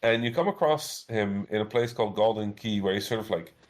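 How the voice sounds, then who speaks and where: A man in his thirties, a guest game developer, telling a story in a chatty, animated way full of filler words. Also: fairly low pitch, a little fast. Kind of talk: casual storytelling.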